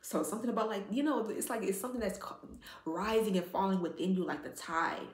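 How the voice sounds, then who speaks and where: A woman's voice: mid-range voice, fast talker. A woman doing a casual spiritual card reading, rambling and heartfelt, with "like" in nearly every phrase. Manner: rambling, filler-heavy, heartfelt, says "like" constantly. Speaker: tarot card reader. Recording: echoey room.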